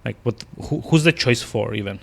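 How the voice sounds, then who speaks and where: A man's voice: mid-range voice, expressive, normal speed, vocal fry, darkish tone, husky. A man streaming a video game, rambling with lots of fillers and restarts as he plays. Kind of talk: casual gameplay commentary.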